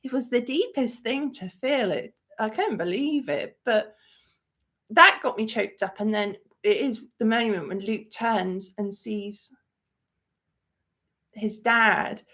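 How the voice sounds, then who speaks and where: Gushing woman with vocal fry. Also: a little high, slow, bright, forceful tone. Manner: emotional, gushing, rambling with many fillers. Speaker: host of a movie review channel. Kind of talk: live-stream chat.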